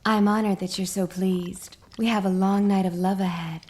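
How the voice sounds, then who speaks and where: A woman's voice: medium pitch, fairly even intonation, normal speed, a little mellow, close to an everyday voice. A woman playing a sultry, teasing seductress.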